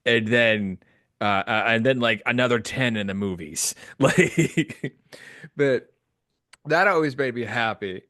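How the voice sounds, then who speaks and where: A man hosting a casual podcast chat, excitable, laughing often and quoting lines. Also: mid-range voice, takes it slowly, no echo, studio quality. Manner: excitable, laughs often, quotes the film in character. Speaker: podcast host.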